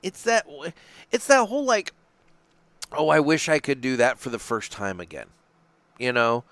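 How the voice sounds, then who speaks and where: A man hosting a podcast from a small studio, his pitch swinging up and down as he rambles through casual chat. He swears freely and trips over his own restarts. The sound is dry and close, with no room echo. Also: moderate pace. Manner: rambling, profane, animated, many restarts. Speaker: podcast host. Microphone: studio microphone.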